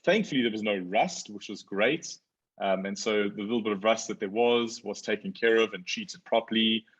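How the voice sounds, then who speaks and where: A man in his forties telling a story as a guest in a casual conversation, lively when he quotes others. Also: lowish voice, moderate pace, slightly rough, muffled recording.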